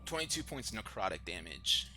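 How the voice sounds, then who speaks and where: A man's voice: on the low side, very animated, fairly quick, heavy background noise. A man narrating as dungeon master in a live tabletop game, describing the action in an easygoing way and laughing often. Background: background music.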